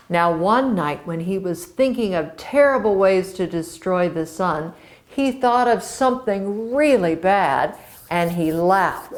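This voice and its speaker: Slow, expressive woman storyteller. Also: mid-range voice. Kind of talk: storytelling to children.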